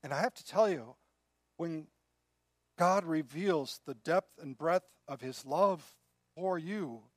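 A man preaching a sermon in an earnest way, often dropping to a soft, quiet voice. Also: a little high, slow, no echo, clean studio sound. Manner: earnest, drops to soft quiet tones when moved. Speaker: pastor.

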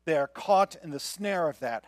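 A man's voice: fairly high pitch, expressive, moderate pace, no echo. An older man preaching a sermon in a conversational way, often checking in with the listeners. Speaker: pastor.

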